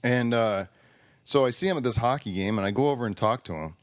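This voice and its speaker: A man's voice: medium pitch, fast, dry recording. Rambling joking man, dry close sound. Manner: rambling storyteller, frequent restarts, joking. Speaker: podcast host. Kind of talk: casual chat.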